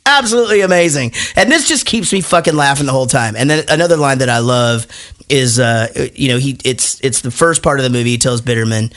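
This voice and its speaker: A man in his thirties with a fairly high, bright, forward voice, hosting a casual movie podcast. He swears freely and breaks into laughter as he acts out lines from scenes he loves. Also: fast talker. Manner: swearing a lot, laughs while retelling scenes. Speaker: podcast host.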